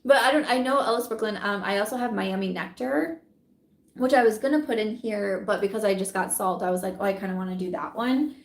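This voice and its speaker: A woman's voice: medium pitch, fairly quick, roomy sound. A woman vlogger reviewing beauty products in casual, chatty talk, giggling often and saying "like" a lot.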